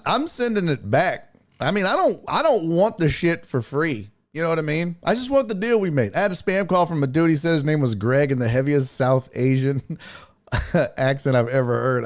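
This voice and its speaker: Stream host, male, profane and exasperated, mimics people mockingly, slightly high and very lively. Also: moderate pace. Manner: slips into mocking voices for quotes. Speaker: show host. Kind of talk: casual live-stream rant.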